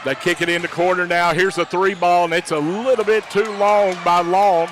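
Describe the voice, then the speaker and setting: A man calling high school basketball play-by-play, rapid-fire, rising to shouts on big plays. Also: level tone, a faint crowd, a little hiss or hum. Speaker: play-by-play announcer.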